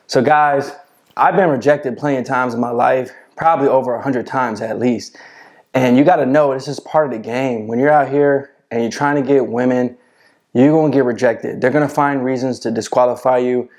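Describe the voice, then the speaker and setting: A man's voice: mid-range voice, steady tone, normal speed, darkish tone. A man giving casual dating advice to camera, swaggering and full of slang, often asking "you know what I'm saying".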